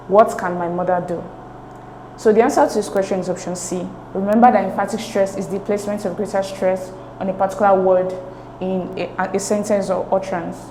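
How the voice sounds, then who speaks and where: A woman's voice: medium pitch, mellow, roomy sound, slight background noise, low-quality recording. A woman tutoring an English exam lesson, explaining each answer step by step and checking in with "okay?" as she goes. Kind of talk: recorded exam-prep lesson.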